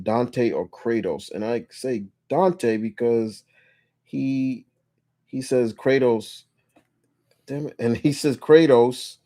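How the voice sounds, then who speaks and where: A man's voice: medium pitch, a little mellow. A man hosting a casual live question-and-answer chat, laid-back, laughing often and rambling with restarts. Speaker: host.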